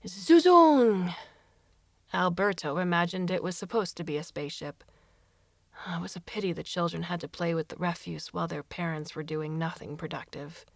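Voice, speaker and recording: A woman narrates a story in a fairly low voice. Her reading is expressive, and she slips into voices for the characters. The sound is dry and close, with no room echo. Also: brisk, vocal fry. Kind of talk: audiobook narration.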